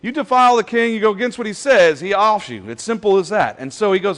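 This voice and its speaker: A man's voice: high-pitched, animated, quick pace, in a large hall. A man preaching a sermon in a casual, joking style, going off on playful rants. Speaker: pastor. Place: church hall.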